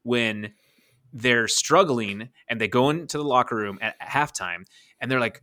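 A man's voice: mid-range voice, brisk, a bit bright, no echo, clean studio sound. A man in his thirties co-hosting a casual podcast, talking enthusiastically and rambling with frequent laughs. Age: 30s. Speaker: podcast co-host.

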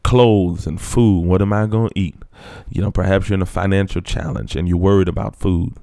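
A man's voice: fairly even intonation, creaky, mellow, no room sound. Man preaching a sermon, dry close sound. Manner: reads scripture aloud, then explains it in plain talk; slows down and drops low for emphasis.

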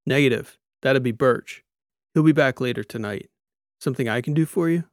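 A man's voice: medium pitch, moderate pace, no echo, clean studio sound, natural voice. Man doing an easygoing joking cyborg. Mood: friendly. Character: half-metal male cyborg mechanic, easygoing joker.

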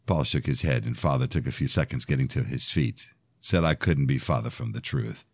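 A man narrating his own novel aloud in an expressive first-person telling. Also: very deep voice, brisk, hardly any pauses, no echo. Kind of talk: audiobook-style fiction reading.

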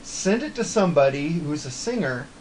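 A man's voice: a little high, sing-song, normal speed, darkish tone, slight background noise. A man talking casually and bluntly to a friend, swearing freely as he gives frank advice. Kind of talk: casual chat.

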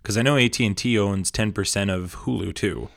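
A man's voice: on the low side, brisk, gravelly, dry recording, clean studio sound. A man co-hosting a casual pop-culture podcast with teasing, laid-back banter. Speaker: podcast co-host.

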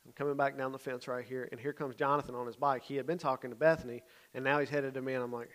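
A man's voice: mid-range voice, fairly even intonation, fast, fairly bright tone. A man, a youth pastor telling a story in a sermon, conversational and often checking in with his listeners.

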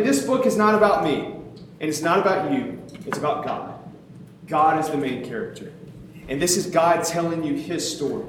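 Animated preacher in a very echoey hall. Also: male voice, fairly high pitch, slight background noise. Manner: animated, conversational, self-mocking, laughs often. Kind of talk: sermon.

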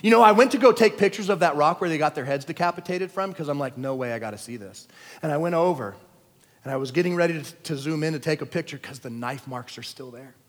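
A man preaching a sermon as a pastor, telling stories with animated energy that sinks to a hush for quiet moments. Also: fairly high pitch, fast. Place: large church hall. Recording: long reverb of a big hall.

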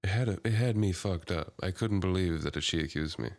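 Laid-back deep-voiced young man. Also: a little fast. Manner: laid-back, swears casually, laughs often. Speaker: podcast co-host. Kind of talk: casual chat.

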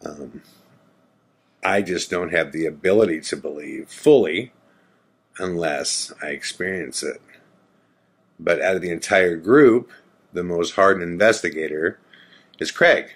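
A man's voice: low voice, measured pace, long pauses, slightly rough. A man casually recounting a ghost-hunting trip, rambling with frequent fillers and skeptical asides. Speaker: storyteller recounting a ghost hunt. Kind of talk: casual spoken storytelling.

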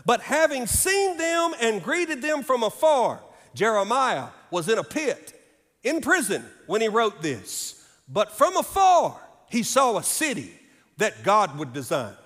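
High-pitched male pastor preaching in a reverberant sanctuary, dynamic swings from shouts to hushes. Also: very animated, unhurried. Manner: preaching with big swings from loud high calls to hushed low asides. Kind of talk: sermon. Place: church sanctuary. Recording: long reverb in a large hall with faint music.

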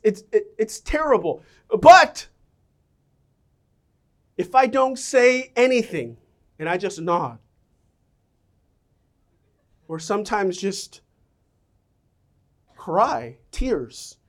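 A middle-aged man preaching a sermon as a pastor, a self-mocking storyteller who swings between loud outbursts and soft, low lines. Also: sing-song, slow, pauses often.

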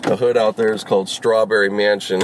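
A man's voice: on the low side, little pitch movement, fairly quick, background noise. A man rambling casually while vlogging from inside his car as a rideshare driver, full of fillers, restarts and swearing. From Los Angeles.

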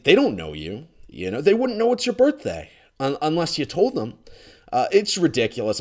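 Man, comedic solo rant, sarcastic and fed up, big pitch swings, close mic in a condo. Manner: exasperated, sarcastic, swings between loud outbursts and muttered asides. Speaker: ranting commentator.

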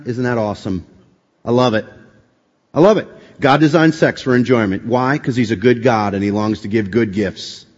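A man preaching a sermon as pastor, animated and firing rhetorical questions at the congregation. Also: medium pitch, long reverb tail, dull audio. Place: church sanctuary.

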